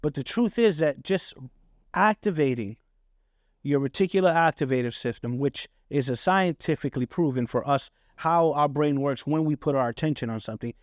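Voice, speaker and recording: A man's voice: a little high, expressive, moderate pace, no room sound, studio quality. A middle-aged man hosting a podcast, telling personal stories in a casual, candid way, often checking in with "right?" and swearing freely. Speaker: podcast host. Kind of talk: personal storytelling monologue.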